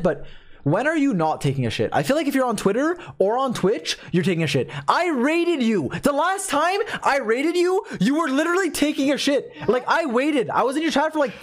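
A man streaming games, telling rambling, joking stories full of swearing in casual livestream chat. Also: very high-pitched. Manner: rambling, profane, joking storyteller. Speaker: game streamer.

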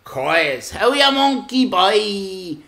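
A man's voice: sits high, very animated, very slow, reverberant, crowd noise. An Irish man bantering on a live stream, rambling and teasing in local slang.

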